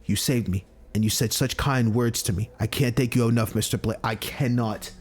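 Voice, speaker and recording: A man's voice: mid-range voice, normal speed, darkish tone, faint music behind, close to an everyday voice. A man voicing a frightened blind young female student in a video game, speaking in a shaky, hesitant way. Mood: grateful.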